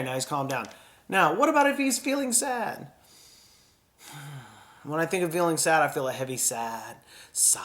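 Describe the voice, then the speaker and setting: A man teaching a children's puppetry lesson in a gentle, encouraging way, breathing and sighing aloud to show each emotion. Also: fairly high pitch.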